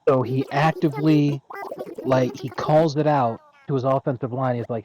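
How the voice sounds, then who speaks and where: A woman's voice: extremely low pitch, moderate pace, background noise. A woman on a live stream chatting casually, ranting with frequent swearing. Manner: animated, profane ranting. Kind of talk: casual chat.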